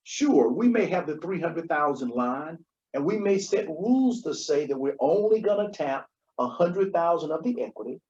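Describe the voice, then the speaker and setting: A man's voice: a little high, animated, moderate pace, a little mellow. Emphatic man giving money advice. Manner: emphatic, repeats key points, asks "Okay?". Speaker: podcast co-host. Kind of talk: conversational financial advice. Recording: dull lo-fi recording.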